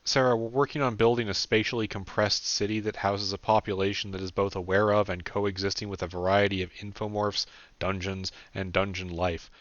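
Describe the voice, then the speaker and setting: A man's voice: lowish voice, little pitch movement, fairly quick, a bit bright, no room sound, natural voice. A man voicing a candid young man who rambles casually and swears freely, in an audiobook. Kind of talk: audiobook character voice. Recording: dull dry lo-fi recording.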